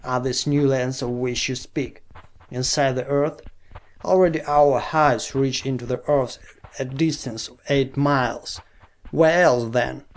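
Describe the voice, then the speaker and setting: Man doing a rasping old scientist, sarcastic, jeering, gravelly, audiobook. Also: medium pitch, steady tone, a little slow, close to an everyday voice. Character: sneering centuries-old male scientist rival. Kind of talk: audiobook reading.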